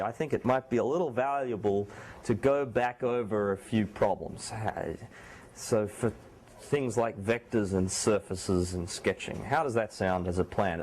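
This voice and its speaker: A man with a sore throat teaches a university class in a small room, keeping his voice down. His delivery is relaxed and sprinkled with joking asides to his students. His pitch sits in the middle range for a man. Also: slight background noise. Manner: speaks softly, not loudly. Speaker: university lecturer. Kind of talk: classroom lecture.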